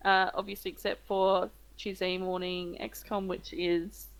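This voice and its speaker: A woman game master, softly hesitant with many pauses, narrating and wrapping up a stream session. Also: lowish voice, little pitch movement, rough recording. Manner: soft-spoken, hesitant, many ums. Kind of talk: casual tabletop narration and stream chat.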